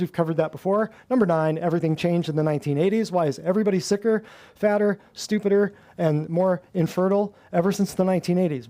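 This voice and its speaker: A man presenting a class as host, energetic and wry, laughing at the claims he lists. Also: sits high. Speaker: chiropractor host of a natural health class.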